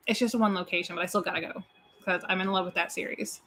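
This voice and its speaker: A woman from Pasadena co-hosting a casual horror livestream, chatty and quick to laugh. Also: lowish voice, steady tone, a bit bright, a little hiss or hum. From Pasadena, California. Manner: chatty, laughs easily, announces plans. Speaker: co-host of a horror watch-party livestream.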